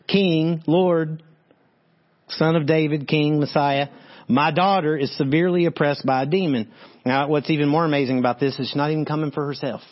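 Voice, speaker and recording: A man preaching a sermon, reading Bible verses and talking straight to his listeners. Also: fairly high pitch. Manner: animated, talks straight to listeners, reads verses then comments. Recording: dull lo-fi sound.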